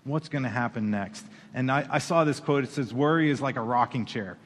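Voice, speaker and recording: A man preaching a sermon as pastor, animated, with playful asides and acted-out quoted voices. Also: medium pitch, fairly quick, long reverb tail.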